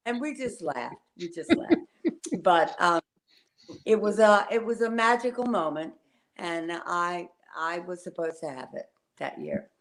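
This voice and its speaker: An older woman, a guest on a video call, telling a personal memory in a halting, pausing way. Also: mid-range voice. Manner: warm, halting storytelling with pauses.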